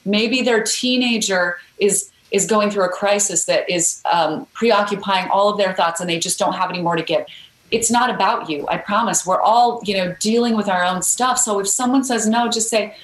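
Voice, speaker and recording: A woman's voice: medium pitch, normal speed, roomy sound, poor audio. A woman guest author telling a story in a podcast interview, earnest and encouraging.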